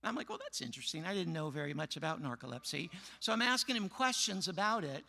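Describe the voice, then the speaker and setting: A middle-aged pastor with a notably high, bright voice delivers a sermon in a storytelling way. He slips into the voices of the people he quotes and sinks low and quiet when the story turns sad. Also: huge pitch swings, fast, creaky. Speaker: preacher.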